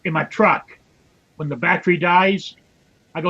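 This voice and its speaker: A man from England chatting easily in an online voice lobby, a little halting at times. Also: high-pitched, fairly even intonation, bright, forceful tone. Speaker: voice chat participant. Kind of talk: casual online voice chat. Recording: dull lo-fi headset mic.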